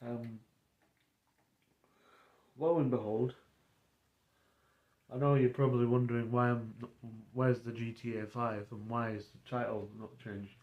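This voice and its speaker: A man streaming and casually retelling a roleplay story, rambling and halting as he goes. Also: mid-range voice, little pitch movement, phone-quality sound. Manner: rambling, halting, many fillers and restarts.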